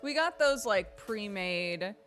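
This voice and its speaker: A woman streamer chatting casually with her viewers, telling stories in an animated way with lots of laughter and fillers. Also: mid-range voice, takes it slowly, soft background music.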